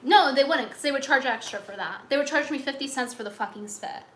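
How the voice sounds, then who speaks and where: High-voiced woman ranting profanely. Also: quick pace, fairly bright tone, reverberant. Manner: exasperated, profane, sarcastic ranting. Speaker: livestreamer. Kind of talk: ranting livestream chat.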